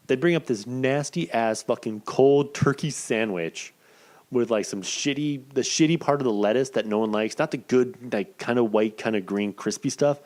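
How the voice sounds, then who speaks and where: A man in his thirties with a fairly low voice hosts his own podcast and tells a long personal story. He swears freely and talks casually, with plenty of energy. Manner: profane, animated, acts out quoted voices. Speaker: podcast host.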